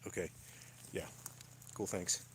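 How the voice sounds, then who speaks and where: A man's voice: slow, fairly bright tone, a little hiss or hum. A man livestreaming casually from a mountain campsite at night, huffing and puffing in the thin air. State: out of breath.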